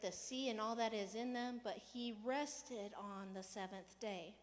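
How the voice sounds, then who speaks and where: A woman pastor giving a casual, conversational sermon, animated and playful, sometimes raising her voice to act out a rant. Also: a little high, measured pace, hardly any pauses, in a large hall. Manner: conversational, animated, acts out rants with raised voice. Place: church hall.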